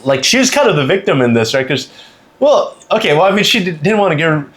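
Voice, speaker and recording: Animated young man telling a story. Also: fairly high pitch, quick pace. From Canada. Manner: animated, acts out quotes in raised voices. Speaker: podcast host. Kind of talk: casual storytelling chat.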